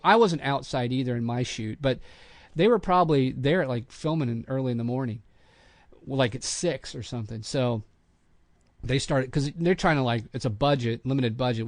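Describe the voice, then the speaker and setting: A middle-aged man, a voice actor hosting a podcast, telling a long show-business story in a casual, animated way and acting out the quotes. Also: mid-range voice, no echo.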